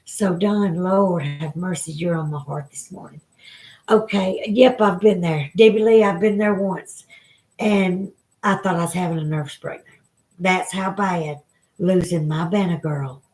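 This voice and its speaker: A woman's voice: lowish voice, a little slow, a little mellow, low-quality recording. A woman with a Southern US accent chatting with viewers on a live stream, emotional and rambling. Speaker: vlogger. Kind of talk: casual live-stream chat.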